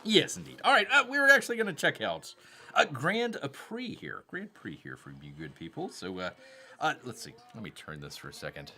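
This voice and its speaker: A man's voice: mid-range voice, wildly swooping pitch, normal speed, pushed and bright. A man with a Southern accent hosting a casual live stream, rambling, reading viewer chats and calling himself by a nickname in third person. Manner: reads out viewer chat messages.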